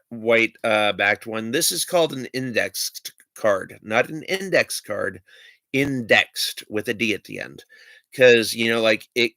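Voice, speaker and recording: On a stream, a man casually shows off his magic trick cards, rambling and hesitant, with lots of fillers and restarts. His voice is medium-pitched, bright, and forceful, with no room sound in the recording.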